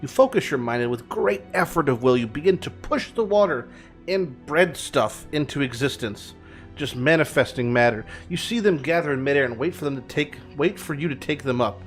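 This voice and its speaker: A man's voice: medium pitch, animated, moderate pace, soft background music. A man casually commenting while playing a text game, joking, swearing and reading the game's text aloud. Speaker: game streamer.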